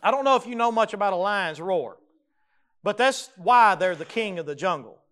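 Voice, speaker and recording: High-voiced, clear preacher. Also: male voice, lively intonation, normal speed, a bit bright. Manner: emphatic, repeats key phrases, folksy asides. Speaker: pastor. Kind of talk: sermon.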